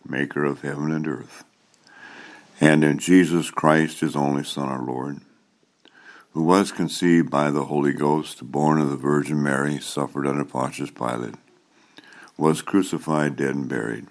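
A man serving as pastor, leading a church liturgy with a solemn, measured cadence. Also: a bass voice, fairly even intonation.

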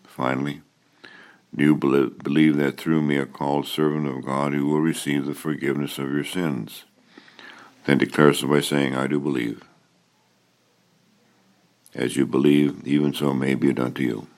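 A male pastor leading a church liturgy of prayer, confession and absolution, in a slow, measured liturgical cadence. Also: a bass voice. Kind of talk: liturgy and scripture reading.

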